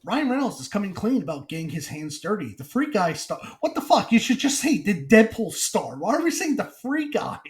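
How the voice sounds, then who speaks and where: A man co-hosting a podcast in casual chat, animated and laughing as he reads news items aloud. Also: sits high, moderate pace. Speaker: podcast co-host.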